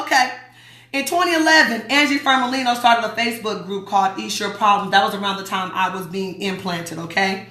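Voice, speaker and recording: A woman's voice: a little high, a little fast, sharp tone, reverberant. A woman hosting a radio show, reading a newsletter aloud in a chatty, emphatic way and talking back to her listeners. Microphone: streaming mic.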